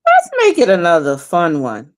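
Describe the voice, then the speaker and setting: A woman's voice: fairly low pitch, wildly swooping pitch, moderate pace, dry recording. A woman hosting a podcast interview, asking playful questions and encouraging her guest. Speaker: podcast host.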